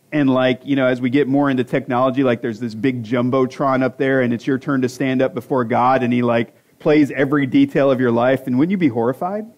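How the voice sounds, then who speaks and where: Pastor in his forties, mid-pitched man's voice, easygoing sermon delivery with dad jokes. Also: darkish tone, highs cut off. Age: 40s. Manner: conversational, self-deprecating jokes, rhetorical questions. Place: church sanctuary.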